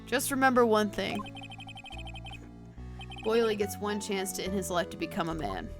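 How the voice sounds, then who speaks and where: A woman voicing a cool, brooding male prosecutor, speaking low and stern. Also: animated, music in the background, natural voice. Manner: low, slow, gravely stern. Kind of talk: game dialogue read aloud on a stream.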